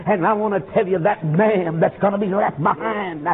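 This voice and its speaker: A man preaches a fiery revival sermon in a high, straining voice, leaning on a steady "uh" between phrases. He rises into shouts in places. The sound is thin and narrow, like an old tape played down a phone line. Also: fairly quick, hardly any pauses. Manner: rhythmic preaching with constant "uh" fillers, bursts into shouting.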